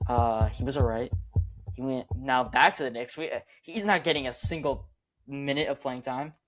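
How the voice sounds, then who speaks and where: A man's voice: mid-range voice, fairly even intonation, moderate pace, background noise. A man co-hosting a casual sports podcast, emotional and rambling, often repeating himself. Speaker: podcast co-host.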